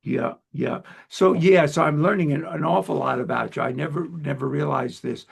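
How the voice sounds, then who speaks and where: A man from Long Island hosting an interview in a chatty, self-deprecating way, quick to laugh. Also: on the high side, creaky, husky. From Long Island, United States. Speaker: host. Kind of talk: conversational interview.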